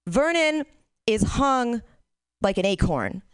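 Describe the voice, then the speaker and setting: A woman's voice: on the high side, big pitch swings, slow, smooth, no room sound. A woman doing a stand-up set, telling crude stories candidly and laughing at her own jokes. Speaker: stand-up comic.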